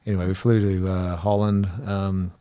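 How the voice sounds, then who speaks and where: A man's voice: low-pitched, level tone, normal speed, dark tone, clear, resonant tone, dry recording. A man with a New Zealand accent, a guest telling a rambling travel story in casual chat, laughing between phrases.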